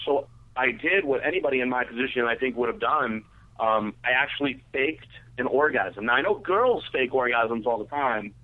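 A man's voice: medium pitch, moderate pace. A man telling a long, crude personal story in a loose, rambling way, full of "like" and restarts. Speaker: guest telling a story on a radio show. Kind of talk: casual storytelling. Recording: phone-like radio audio.

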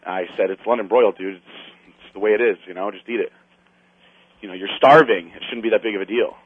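A man's voice: on the low side, brisk, slightly rough, dry recording. Storytelling man over a tinny phone line. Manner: animated storyteller, acts out quotes, swears. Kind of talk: casual chat.

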